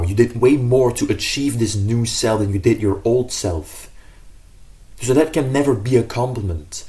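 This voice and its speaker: A man's voice: fairly low pitch, mellow. A man giving casual self-improvement advice to camera in an earnest, rambling way, often correcting himself mid-sentence.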